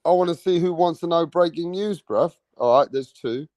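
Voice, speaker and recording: A man hosting a casual live-stream about boxing, talking excitably and repeating himself with slang. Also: fairly high pitch, moderate pace, no room sound, poor audio. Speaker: livestream boxing host.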